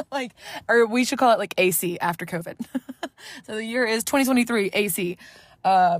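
There's no echo as this woman, voice on the high side, records her solo podcast in her car by talking into a phone held to her mouth. Hailing from Southeast Texas, she rambles at a moderate pace with long pauses, profane and self-mocking throughout.

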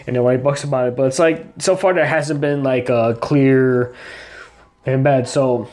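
A man's voice: medium pitch, steady tone, moderate pace, a little mellow. A man in casual podcast chat, rambling with plenty of fillers and restarts. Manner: rambling, filler-heavy, hesitant. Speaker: podcast co-host.

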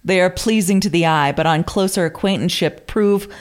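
A woman's voice: on the low side, brisk, clear, resonant tone. A woman co-hosting a podcast, reading old quotes aloud with theatrical flourish and amused asides in casual chat. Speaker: podcast co-host.

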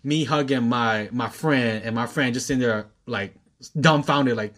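Brief: man, 20s, casual storyteller, laughs a lot, animated and profane, mid pitch. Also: a little slow. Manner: laughs often, animated when quoting, profane.

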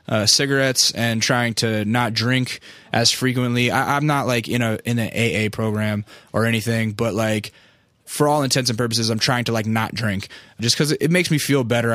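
A man in his thirties rambles through a casual story, swearing freely and circling back with fillers and restarts. His voice sits at a middling pitch, and the sound is dry and close, with no room echo. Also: a bit bright.

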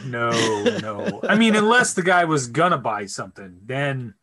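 Bright-voiced man telling a profane story. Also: mid-range voice, big pitch swings, normal speed. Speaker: podcast co-host. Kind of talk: casual storytelling chat.

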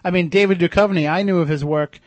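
Fast-talking male radio host. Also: high-pitched, fairly even intonation, no echo. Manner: quick, chatty, rambling with restarts. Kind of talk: casual radio chat.

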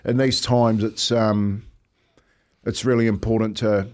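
On a laid-back podcast, a male ex-rugby teammate from New Zealand pauses and reflects as he talks, frequently calling people "mate." He laughs while telling his tales, though his fairly low voice comes across flat.

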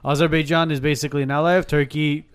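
Host: man, higher voice, rapid-fire, loose and informal with the audience. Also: little pitch movement, clear, resonant tone. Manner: quick, loose, calls on people informally. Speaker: podcast host. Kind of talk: casual podcast chat.

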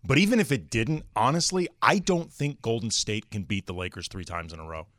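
A man co-hosting sports talk radio, giving measured, deliberate opinions. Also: lowish voice, expressive, fairly bright tone, no echo. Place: radio studio.

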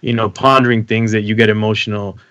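A man's voice: fairly low pitch, flat delivery, quick pace, sharp tone, no room sound. A man in his thirties on a podcast, rambling casually with lots of fillers and self-corrections. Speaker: podcast co-host, expectant father. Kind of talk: casual chat.

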